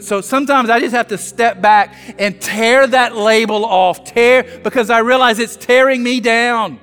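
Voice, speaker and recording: Pastor from south louisiana, very high voice, funny self-mocking storyteller, long hall echo with soft music under it. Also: male voice, a little slow, few pauses, clean tone. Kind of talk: sermon.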